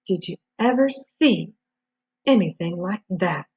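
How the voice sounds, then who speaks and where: A jumpy, excitable hunter man, high-pitched and breathless in his worry, as a woman reader puts him on. His husky voice comes through a dull, lo-fi recording as he hurries through his words. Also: slow, full character voice. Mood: eager. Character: excitable middle-aged male hunter, shaken.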